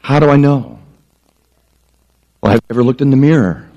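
A man's voice: medium pitch, normal speed, dull audio. A male pastor preaching a sermon, telling stories and joking at his own expense before a congregation. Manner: animated storytelling with self-mocking jokes.

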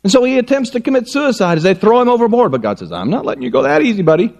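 Animated male pastor with lively, swooping pitch. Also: very fast, vocal fry. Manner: animated storytelling, acting out voices with wide pitch swings. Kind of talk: sermon.

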